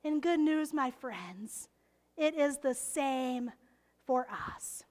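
Slow, high-voiced woman preaching. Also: expressive, darkish tone. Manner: slow, emphatic, dropping to whispers for intimacy. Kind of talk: sermon.

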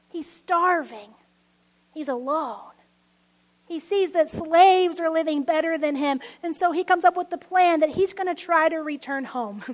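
High-voiced woman preaching slowly. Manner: intimate, drops to soft near-whispers for emphasis, light laughs. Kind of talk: sermon. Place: church service.

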